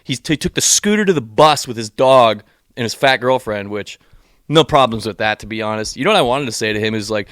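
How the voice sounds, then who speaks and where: With a mid-range voice and a slightly fast pace, this young man co-hosts a podcast in clean studio sound without room tone. He's a profane, animated storyteller who acts out quotes while recounting a long story in casual chat.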